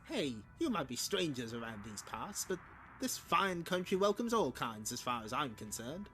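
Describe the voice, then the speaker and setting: A man voicing an easygoing middle-aged frontier sheriff in a comic read-aloud, with a slow folksy drawl. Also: mid-range voice, very animated, sharp tone, soft background music.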